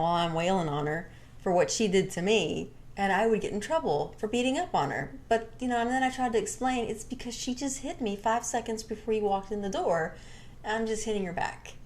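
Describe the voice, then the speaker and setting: A woman's voice: on the low side, a little mellow. A young adult woman casually telling a candid, rambling personal story and swearing freely.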